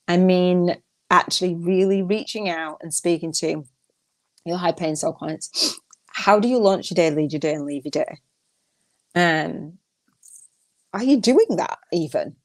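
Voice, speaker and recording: An older woman hosting a solo coaching podcast, chatty and emphatic, often repeating her phrases and laughing as she talks. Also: low voice. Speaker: podcast host.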